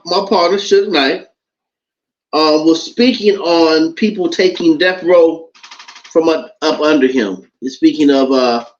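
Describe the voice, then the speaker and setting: A man co-hosting a podcast, with a voice a little higher than most men's. He tells a story in a relaxed way, dotted with ums and uhs. The sound is dull and lo-fi. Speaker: podcast co-host. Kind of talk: casual chat.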